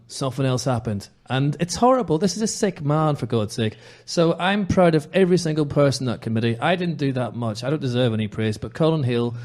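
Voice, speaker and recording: Male podcast host, passionate and emphatic, mid-pitched everyday voice. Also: darkish tone. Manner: impassioned, emphatic ranting. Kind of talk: casual football podcast chat.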